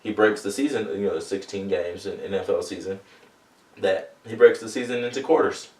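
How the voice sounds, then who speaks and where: A coach co-hosting a casual sports podcast, with a somewhat low voice. He argues his case earnestly and asks pointed questions. He sounds a little distant from the mic, in an echoing room. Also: a little fast.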